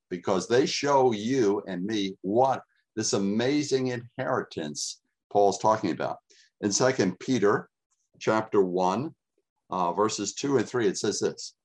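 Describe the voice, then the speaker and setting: A middle-aged man preaching a sermon, reading scripture aloud and repeating key words with rising emphasis. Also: fairly low pitch.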